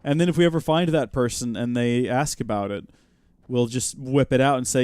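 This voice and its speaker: A man hosting a live game stream, chatting, joking and reacting out loud as he plays. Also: medium pitch, a little fast, clear, resonant tone, no echo. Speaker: host.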